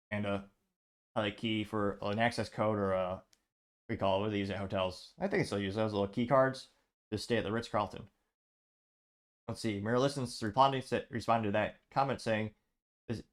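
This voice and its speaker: Man reading comments with dry asides. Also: on the low side. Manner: reads quotes aloud with dry asides. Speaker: show host.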